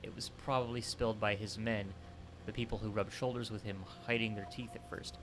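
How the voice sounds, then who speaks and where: A man voicing a calm, mysterious male reflection who speaks as someone's conscience, in a soft, measured, confiding way, on a headset mic. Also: lowish voice, slight background noise, lightly acted.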